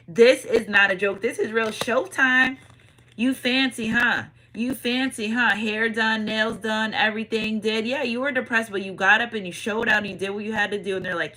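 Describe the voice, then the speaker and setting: A woman reads tarot for her viewers in a relaxed, slangy way, coming back again and again to the same pet phrases. Her voice is bright and forward, pitched in an ordinary middle range. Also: rough recording. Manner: slangy, repeats catchphrases, talks straight to viewers. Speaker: tarot reader. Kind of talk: casual tarot reading.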